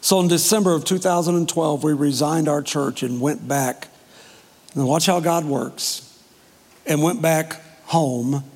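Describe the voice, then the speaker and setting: Pastor guy telling his story in church, pretty high voice, big long echo around him, lots of pauses. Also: breathy edge. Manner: emotional storytelling with dramatic pauses. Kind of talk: testimony sermon. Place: church sanctuary. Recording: long hall reverb.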